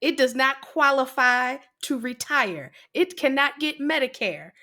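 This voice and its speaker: A woman's voice: sits high, animated, unhurried, pushed and bright. A woman from the United States co-hosting a podcast, speaking emphatically and finishing her co-host's points. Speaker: podcast co-host. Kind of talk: casual chat.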